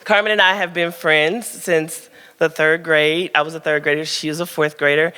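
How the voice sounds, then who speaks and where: A woman's voice: low voice, fairly even intonation, normal speed, sharp tone, clean tone, long reverb tail. A woman author answering audience questions at her book launch. She talks frankly and chattily, often laughing, and fills her stories with ums and likes. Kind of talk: candid Q&A at a live book event. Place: event room at a book launch.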